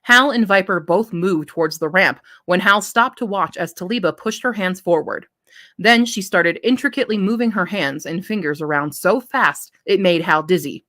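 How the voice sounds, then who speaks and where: Woman, lowish pitch, reads her own fiction draft aloud, self-correcting. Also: normal speed, fairly bright tone. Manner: rereads and corrects lines as she goes. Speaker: streamer reading her own story. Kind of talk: reading a draft story aloud.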